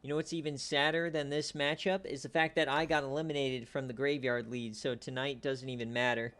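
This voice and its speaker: A man hosting a league stream, giving casual, jokey play-by-play recaps that swing from low mutters to excited shouts. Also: fairly quick.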